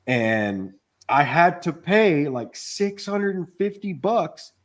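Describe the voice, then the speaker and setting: A man's voice: a little high, very animated, slow. Rambling, cussing contractor guy. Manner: rambling storytelling, swears a lot, acts out quotes. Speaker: podcast co-host, contractor. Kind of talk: casual chat.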